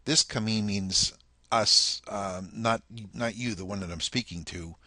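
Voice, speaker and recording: Male tutor, low-pitched and dry, talks through each phrase patiently and informally. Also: measured pace, pushed and bright, no room sound. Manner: patient, repeats phrases over and over; chatty and informal. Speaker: language teacher. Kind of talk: explaining a recorded lesson.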